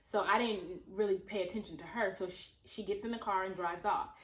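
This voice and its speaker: A woman's voice: medium pitch, fairly even intonation, a little fast, a bit bright. A young woman from Los Angeles telling a personal story in casual storytime chat, talking to viewers like friends and acting out the voices she quotes. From Los Angeles, USA. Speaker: vlogger. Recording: roomy echo.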